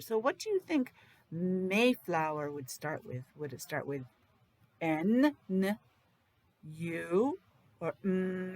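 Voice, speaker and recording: A woman's voice: on the low side, very animated, darkish tone. Woman teacher sounding out letters. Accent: Rhode Island. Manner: sounds out letters slowly and repeats words in a sing-song way. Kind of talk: reading a picture book aloud to young children.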